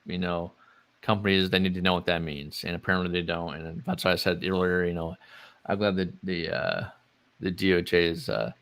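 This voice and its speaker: A man guesting on a casual podcast speaks with emphasis. His voice is low and bright. His tone is smooth and resonant. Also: fairly quick.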